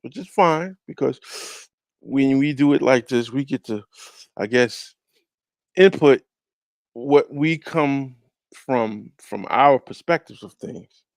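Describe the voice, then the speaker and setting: A man with a rough, fry-laden voice leads a relaxed scripture discussion. He reads verses with loud emphasis, then drops into low, slangy asides and repeats words to drive a point home. The sound is dry and close, with no room around him. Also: slow pace, no room sound. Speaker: podcast co-host leading a scripture study. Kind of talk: casual scripture discussion with read-aloud verses.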